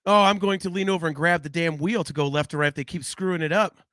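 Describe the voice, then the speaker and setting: A man hosting a casual podcast chat, animated and rambling, swearing freely into a close microphone. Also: a little high, fast, dry recording. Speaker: podcast host.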